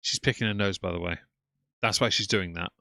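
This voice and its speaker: Man, livestream commentary, bright forceful tone, dry sound, sarcastic. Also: sits low, a little fast, no room sound. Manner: sarcastic, mocking asides. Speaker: commentary streamer.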